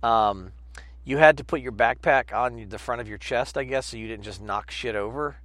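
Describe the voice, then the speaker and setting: A man's voice: medium pitch, normal speed, a bit bright, dry recording. Man from New York, casual rambling podcast chat, dry close sound, profane anecdotes. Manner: rambling, profane storytelling with silly put-on voices. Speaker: podcast co-host.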